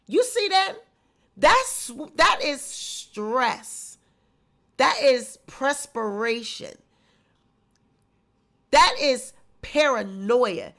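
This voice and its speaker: A woman's voice: high-pitched, animated, extremely slow, long pauses, fairly bright tone. A woman vlogger giving emphatic, mocking gossip commentary.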